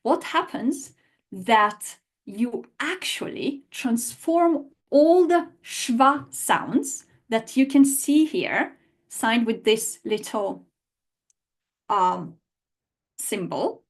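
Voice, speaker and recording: Female language teacher, online lesson; slightly high-pitched, slow and patient, walks through each point. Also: animated. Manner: patient, explains step by step and has learners repeat sounds.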